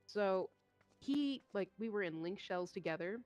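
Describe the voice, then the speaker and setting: Young woman, streamer, casual swearing storyteller, mid-pitched, faint music underneath. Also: unhurried. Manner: animated, swearing, acts out quoted voices.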